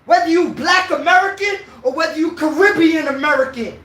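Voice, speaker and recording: A woman's voice: extremely high pitch, a little fast, a bit bright. A woman from New York with a New York accent, giving a heated, preachy opinion rant and repeating her points.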